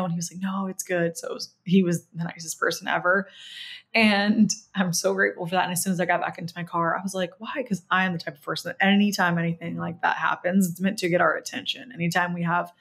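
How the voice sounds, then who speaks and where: A young woman hosting a podcast, telling a personal story in a chatty, animated way and acting out quoted dialogue. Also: on the low side, a little fast, breathy edge. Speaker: podcast host. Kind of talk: casual solo podcast storytelling.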